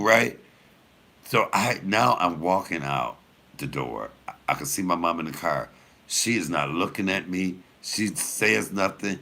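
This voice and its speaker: A man in his fifties, a comedian, telling a rowdy story in an animated way, acting out the quotes and swearing freely. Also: deep voice, moderate pace, vocal fry. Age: 50s. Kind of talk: storytelling during a cooking chat.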